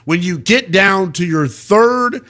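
Animated young man hosting sports radio. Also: high voice, slow. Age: young adult. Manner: animated, ranting, slangy. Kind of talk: call-in sports talk.

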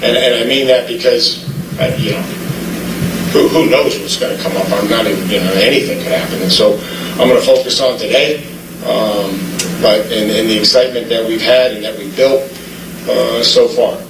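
A man's voice: mid-range voice, moderate pace, noisy background. A man, a football coach, answering a press conference question hesitantly with many fillers. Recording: roomy, distant press room audio.

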